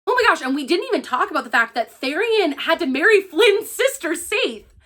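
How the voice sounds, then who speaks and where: A woman's voice: very high voice, very animated, a little fast, sharp tone. A young woman giving a casual spoiler-filled book review, gushing and acting out the characters' lines with lots of "like". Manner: peppers her speech with "like".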